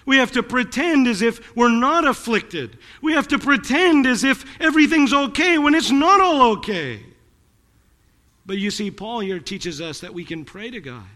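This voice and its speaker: High, lively-voiced preaching man. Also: normal speed, long reverb tail. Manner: earnest preaching with dramatic swings. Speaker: pastor. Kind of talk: sermon. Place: church sanctuary.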